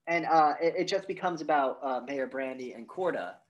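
Guy on a podcast rambling thru a movie recap, swears a lot, does goofy high voices. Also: normal speed, muffled recording. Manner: rambling, profane, acts out lines in high voices. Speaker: podcast co-host. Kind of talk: casual movie recap chat.

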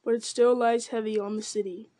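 Woman reader as a stern old wizard, solemn and clipped, mellow tone. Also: on the high side, flat delivery, brisk, no echo, close to an everyday voice. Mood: grave. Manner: terse, solemn. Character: grave old male wizard, stern and urgent. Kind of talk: audiobook character voice.

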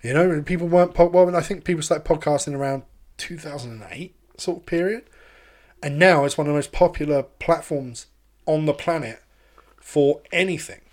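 A podcast host, chatting casually and telling animated, sweary stories. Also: male voice, a little high, moderate pace. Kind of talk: casual chat.

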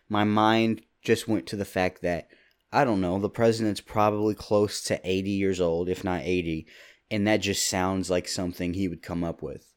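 Young man in his twenties, very deep voice, loose rambling solo chat, from Kentucky. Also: smooth. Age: 20s. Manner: rambling, jokey, quick asides. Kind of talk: casual solo monologue. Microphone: studio mic with pop filter.

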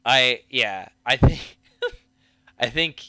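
A man co-hosting a casual podcast, his voice bright and smooth. He jokes around and restarts his sentences as he thinks aloud. The sound is dry and close. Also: mid-range voice, expressive, very slow, no room sound. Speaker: podcast co-host. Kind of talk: casual chat.

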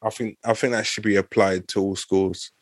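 A man's voice: lowish voice, steady tone, moderate pace, dry recording. A man in casual podcast chat, earnest and opinionated, restarting his sentences often.

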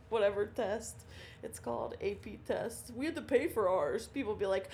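A woman's voice: medium pitch, moderate pace, a little mellow, slight background noise. A young adult woman comedian guesting on a podcast, telling self-deprecating stories and laughing often. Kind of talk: casual chat.

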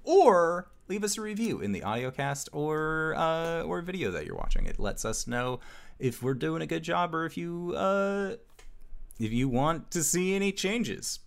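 A man's voice: medium pitch, a bit bright. A man acting as game master on a stream, talking in an upbeat, loose way with plenty of filler. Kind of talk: running a streamed tabletop game.

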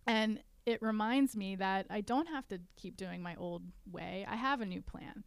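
Smooth-voiced woman, earnest and animated. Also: mid-range voice, moderate pace, no room sound. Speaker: author and guest. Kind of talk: casual podcast conversation.

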